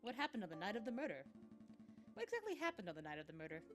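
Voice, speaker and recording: A woman's voice: mid-range voice, huge pitch swings, rapid-fire, music in the background. A woman voicing an earnest male bird lawyer in a game, formal and courteous.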